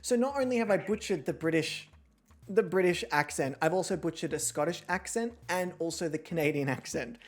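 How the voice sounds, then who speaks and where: A woman hosts a live-streamed show in a lowish voice. She chats along easily, joking and hamming it up. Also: fairly quick. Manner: chatty, joking, theatrical. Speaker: host.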